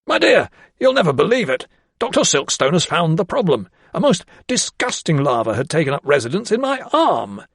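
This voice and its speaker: A pompous middle-aged Georgian merchant, as a male narrator puts him on, blustering and excitable, his voice lifted high above the narrator's own. The recording is close and dry. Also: moderate pace, creaky, few pauses, slightly rough, no echo, heavily acted.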